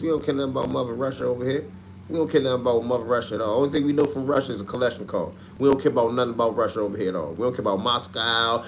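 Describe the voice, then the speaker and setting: A man runs a casual livestream, answering his viewers in loose street slang. He trash-talks in an animated way at a middle pitch. A faint hiss sits under his voice. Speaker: livestream host. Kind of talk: casual livestream chat reading comments.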